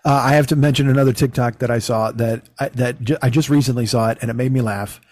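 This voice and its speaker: A man's voice: medium pitch, fast talker, dry recording. A middle-aged man hosting a podcast, rambling through stories with lots of swearing. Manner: profane, rambling, animated storytelling. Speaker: podcast host. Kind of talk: casual chat.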